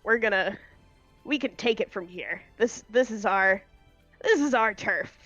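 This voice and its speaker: A woman's voice: mid-range voice, lively intonation, unhurried, a bit bright, no room sound, lo-fi sound, soft background music. A woman voicing a pair of cocky young male town guards who speak casually and gratefully.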